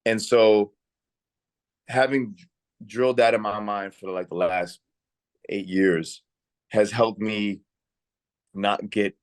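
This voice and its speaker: A man's voice: fairly low pitch, dry recording. A young adult man telling stories in a casual interview, chatty with lots of restarts. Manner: relaxed and chatty, frequent "like" and restarts. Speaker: actor, interview guest.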